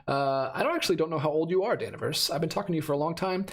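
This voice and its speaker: Man in his thirties, fairly high voice, live-stream host, rambling chat, slightly worn voice. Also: racing. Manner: rambling, self-correcting, laughs often. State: losing his voice. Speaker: host of a live stream about movie releases. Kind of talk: casual live-stream chat, reading comments.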